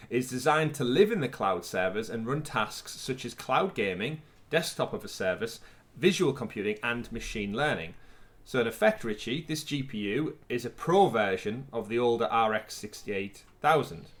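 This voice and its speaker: A man's voice: mid-range voice, expressive, normal speed, fairly bright tone. Male podcast co-host, casual, chatty, mid-range voice, fillers and laughs.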